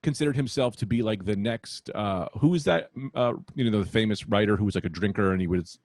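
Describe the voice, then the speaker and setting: A man's voice: lowish voice, fast talker, darkish tone, no echo, studio quality. A man hosting a podcast, telling rambling stories in casual chat and acting out quotes. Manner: rambling storyteller, acts out quotes in voices. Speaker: podcast host.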